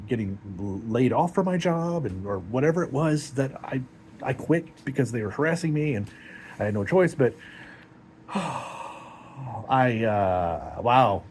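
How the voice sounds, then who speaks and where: A man's voice: medium pitch, a little mellow. A man speaks in a personal confessional vlog, heartbroken and emotional. His speech rambles and halts, restarting thoughts as he goes, in an ordinary mid-range voice. A faint hum of background noise sits behind him.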